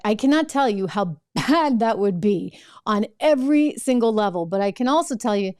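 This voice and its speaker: A woman's voice: mid-range voice, lively intonation, normal speed, a little mellow. A middle-aged woman hosting a political commentary show, talking in a sarcastic, mocking way.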